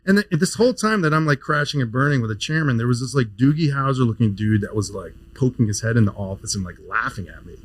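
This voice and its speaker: A man in his fifties with a mid-pitched voice, telling an animated story as a podcast guest. He talks casually and often doubles back on his words. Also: fast talker, hardly any pauses, breathy edge, low-quality recording. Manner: animated storyteller, frequent restarts, laughs easily. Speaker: neurosurgeon guest.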